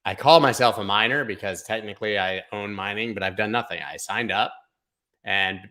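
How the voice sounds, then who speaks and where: A male show host talks through trading charts in a loose livestream ramble, cracking offhand jokes as he goes. His voice sits a little low but comes across bright and pushy, with a punchy edge to every remark. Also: normal speed. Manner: rambling, jokey, thinks aloud. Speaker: crypto market analyst host. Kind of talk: casual livestream chart commentary.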